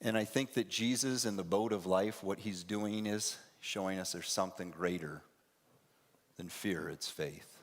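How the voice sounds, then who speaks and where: A male pastor giving a lively sermon in a church, acting out scenes in different voices. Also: deep voice, a little slow. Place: church sanctuary. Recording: echoey church hall.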